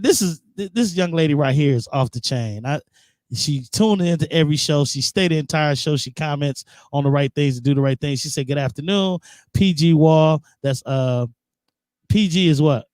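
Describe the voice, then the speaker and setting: A man's voice: a little high, a little mellow, dry recording, clean studio sound. A man guest-hosting a live internet radio show, chatting casually and reading out viewer comments. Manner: laid-back, reads out viewer comments. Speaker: guest host.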